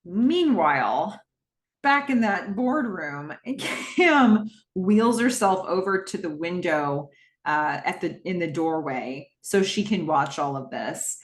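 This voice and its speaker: A woman's voice: lowish voice, animated, slow pace. Chatty woman recapping in an echoey room. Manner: chatty, laughing asides. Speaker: podcast host. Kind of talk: casual episode recap. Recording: roomy echo.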